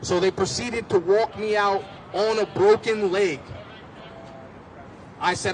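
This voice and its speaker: At an outdoor street rally, a man gives impassioned personal testimony, recounting his story intensely and sometimes rising to shouts. His voice sits high with fairly even intonation, and he speaks unhurriedly with frequent pauses. There's slight background noise.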